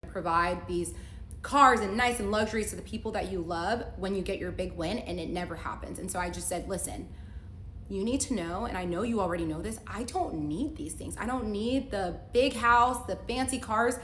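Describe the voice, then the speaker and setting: A woman's voice: fairly low pitch, fairly quick, fairly bright tone. A young woman telling a personal story in a casual, chatty way, full of "like" fillers and acted-out dialogue, in an echoey room. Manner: chatty, heavy use of "like" fillers, acts out quoted dialogue. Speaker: storyteller recounting a relationship. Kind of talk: casual story-time vlog. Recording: echoey room with faint noise.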